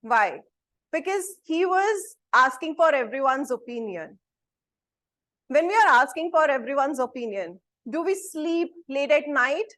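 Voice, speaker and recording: A woman's voice: high voice, animated, measured pace, a bit bright. A woman giving a methodical club-meeting report as ah-counter, listing each speaker in turn. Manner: methodical, lists speakers one by one.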